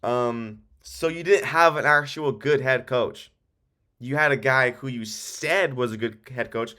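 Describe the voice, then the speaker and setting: A man's voice: medium pitch, measured pace, bright, forceful tone. A young man giving casual, rambling football commentary, swearing often and working himself into heated rants. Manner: profane, rambling, heated rants with many ums. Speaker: sports video host.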